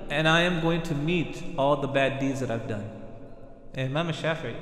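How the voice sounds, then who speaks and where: A man giving a sermon in a large, echoey hall where his voice rings on with a long tail of reverb. His voice sits a bit high for a man, and he talks earnestly. He restarts often and recites Arabic phrases along the way. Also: unhurried, a bit bright. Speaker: Islamic preacher. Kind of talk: sermon with retold stories.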